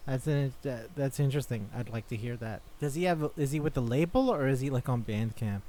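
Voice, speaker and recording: A man's voice: mid-range voice, brisk, mellow. A man co-hosting a podcast in casual chat, rambling, swearing freely and laughing often. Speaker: podcast co-host.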